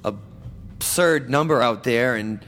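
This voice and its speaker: A man's voice: medium pitch, takes it slowly, fairly bright tone, in a large hall. A man co-hosting a radio talk show, blunt and wisecracking. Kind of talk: casual banter. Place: small radio studio.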